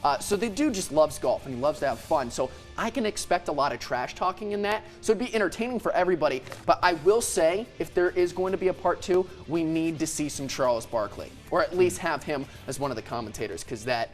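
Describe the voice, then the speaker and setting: A young man co-hosting a sports debate show, playful and quick to joke while making his case. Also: a little high, faint music behind. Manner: animated, playful, laughs and jokes.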